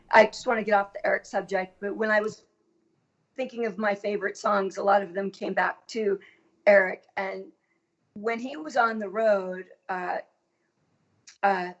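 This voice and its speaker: A middle-aged woman from Massachusetts, a guest on a casual podcast, talking in a chatty, animated way and swearing casually. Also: mid-range voice, highs cut off. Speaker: guest, actress. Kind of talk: casual chat. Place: Los Angeles.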